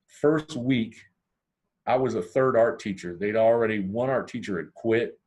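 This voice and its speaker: Podcast guest: man from Ohio, low-ish voice, animated casual storyteller who acts out every line of dialogue. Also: a little slow, husky. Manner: animated, acts out dialogue with big pitch swings.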